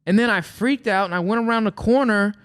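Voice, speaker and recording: His voice sits high, clear and resonant, and he talks fairly quickly: a young man co-hosting a podcast in casual chat. He tells stories with animation and acts out the quotes.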